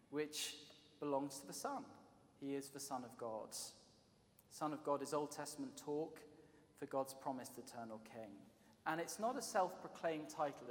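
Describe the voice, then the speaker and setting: A man preaching a sermon, emphatic, swinging between loud stresses and quiet asides. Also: fairly high pitch. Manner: emphatic, varied delivery with rising and dropping volume. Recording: echoey hall with long reverb.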